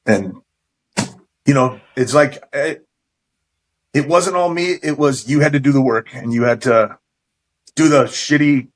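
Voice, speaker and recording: A middle-aged man, a podcast guest, recalling his career in a relaxed, thoughtful way with small hesitations. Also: mid-range voice, unhurried, pauses often, poor audio. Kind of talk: casual interview chat.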